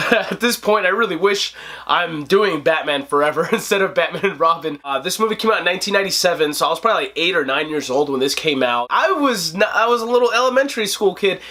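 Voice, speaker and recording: A man in his twenties hosting a casual movie review vlog, animated and joking, laughing often. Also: sits high. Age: 20s. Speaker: host.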